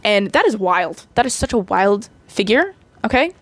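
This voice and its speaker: A woman's voice: medium pitch, big pitch swings, normal speed. A woman in her twenties recapping a movie in a rambling, chatty way, full of fillers. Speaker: vlogger.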